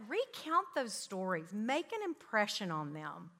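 A middle-aged woman speaking to parents, telling family stories with animated energy and acting out her children's voices. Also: mid-range voice, a little slow, creaky, few pauses. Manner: animated storytelling, acts out her kids' voices. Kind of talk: talk to parents with anecdotes. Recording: long hall reverb.

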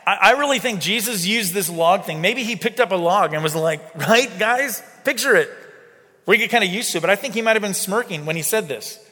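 A man's voice: high voice, fast, few pauses, bright, forceful tone. Conversational male preacher in a reverberant hall. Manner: conversational and emphatic, with rhetorical asides. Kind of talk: sermon-style teaching.

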